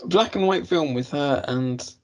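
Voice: mid-range voice, darkish tone, lo-fi sound. A co-host thinking aloud through a casual movie quiz, hesitating and searching for answers. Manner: slow, hesitant, searching for answers with lots of ums.

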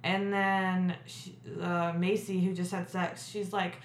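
A woman co-hosting a casual comedic recap chat, irreverent and profane with deadpan jokes. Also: on the low side, slow pace, reverberant, slight background noise. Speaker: podcast co-host.

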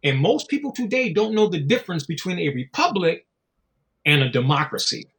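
Animated, slangy man telling stories. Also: a little high, fairly quick. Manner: animated storytelling, slangy and profane, acts out voices. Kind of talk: casual podcast conversation.

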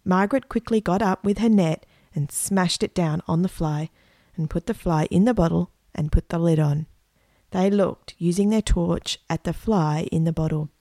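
A woman reading a children's story aloud in a gentle, unhurried way. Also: on the low side, dry recording, clean studio sound.

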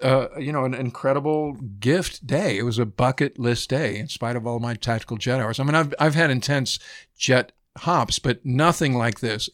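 Laid-back former jet pilot telling stories. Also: male voice, medium pitch. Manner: relaxed and anecdotal, swears casually, many fillers. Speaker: podcast editor and former naval aviator. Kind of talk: casual storytelling chat.

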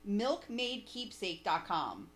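A woman's voice: mid-range voice, slow. Chatty woman on a podcast, swears a lot, laughs constantly, voice jumps all over the place. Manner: profane, laughs often, animated mocking impressions. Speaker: podcast co-host. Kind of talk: casual comedic chat.

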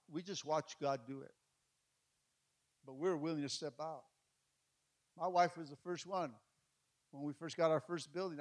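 A middle-aged man preaching with a high, ringing voice, full of passion and personal stories. He is from Mexico and often stumbles and repeats words when he gets carried away. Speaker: pastor. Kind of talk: sermon.

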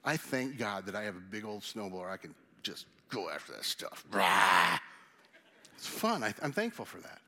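Animated man preaching. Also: fairly low pitch, brisk, hardly any pauses. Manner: animated, conversational preaching with acted asides. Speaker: pastor. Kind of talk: sermon.

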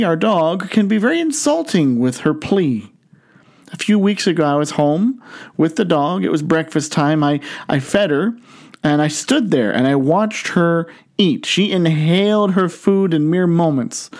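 A male pastor preaching a sermon in a storytelling manner, slowing down and stretching words for emphasis. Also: fairly high pitch, a little mellow.

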